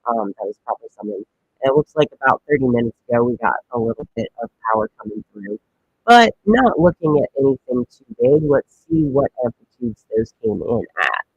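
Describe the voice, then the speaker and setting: A man's voice: medium pitch, lively intonation, brisk, breathy edge, narrow, tinny audio. Rambling man hosting weather stream. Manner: rambling, joking, many fillers. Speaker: comedic weather livestream host. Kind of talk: casual livestream weather commentary.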